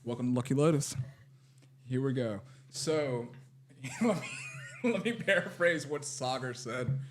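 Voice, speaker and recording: A man co-hosting a comedy podcast, talking in a halting, self-deprecating way. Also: medium pitch, a little hiss or hum. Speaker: podcast co-host. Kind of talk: casual comedic chat.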